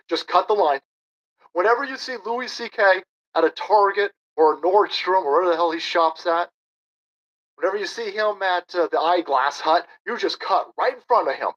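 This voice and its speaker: A man in his thirties hosts a political livestream, ranting with sarcasm and combativeness while reading viewer chat aloud. His voice sits high, slightly bright, and brisk, on dull lo-fi stream audio.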